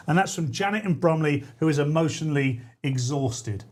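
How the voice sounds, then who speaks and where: High-voiced male radio host. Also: animated, moderate pace, hardly any pauses, darkish tone. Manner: mock-earnest, giggly while reading letters. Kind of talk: comic radio chat. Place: radio studio.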